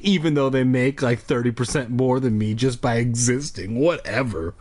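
A man's voice: mid-range voice, moderate pace, darkish tone, lightly acted. A man reading aloud and voicing a whiny, indignant little girl who stammers and pleads. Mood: scornful.

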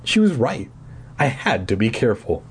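Twenties male podcast reader, animated storybook reading, husky, wry asides. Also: medium pitch, moderate pace. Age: 20s. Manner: wry, self-mocking asides. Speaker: podcast host reading a book aloud. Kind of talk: reading a children's book aloud with joking asides.

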